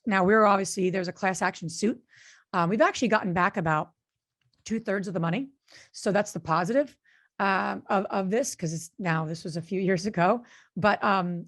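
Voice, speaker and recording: An earnest woman co-hosting a podcast, talking through a story in a loose, conversational way. Her voice has a gravelly fry, and she often pauses with fillers and restarts her sentences. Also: medium pitch, a bit bright. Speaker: podcast co-host and real estate investor.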